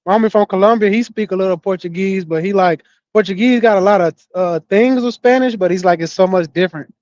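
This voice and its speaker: A man's voice: high voice, quick pace, darkish tone, no room sound. A young man telling loose, profane stories in casual podcast chat, laughing often. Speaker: podcast co-host. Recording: dull, lo-fi dry sound.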